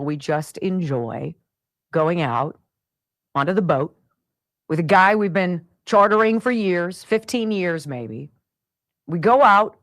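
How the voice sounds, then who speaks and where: A woman's voice: medium pitch, dry recording. A woman hosting a talk radio show, delivering an upbeat, emphatic, folksy monologue.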